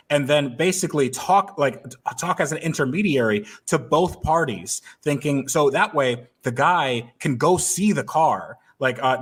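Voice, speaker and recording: A man at the middle of the usual pitch range, chatting on a podcast mic. He tells a long story loosely, with plenty of ums and restarts, in a relaxed, rambling podcast manner. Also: slightly rough. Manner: rambling storyteller, many fillers. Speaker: podcast co-host. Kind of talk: casual podcast chat.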